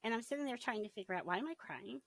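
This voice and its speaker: A middle-aged woman giving a personal testimony in an interview, telling her story in a casual, animated way and often laughing as she acts out her past thoughts. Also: on the high side, racing, dry recording, poor audio. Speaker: interview guest.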